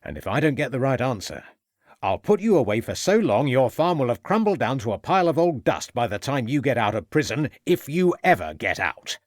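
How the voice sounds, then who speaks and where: In an audiobook, a man voices a shrewd, stern inspector who grills a suspect, pressing hard and making threats with steady authority while his pitch rises and falls for emphasis. The heavily acted delivery is quick, creaky, slightly rough, and has few pauses. The recording is close and dry, with no echo.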